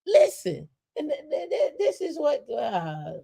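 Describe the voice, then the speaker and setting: Fired-up woman ranting, fairly high voice. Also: wildly swooping pitch, slow pace, creaky, dark tone. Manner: impassioned, ranting, repeats phrases for emphasis. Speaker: podcast co-host. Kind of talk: casual opinion talk.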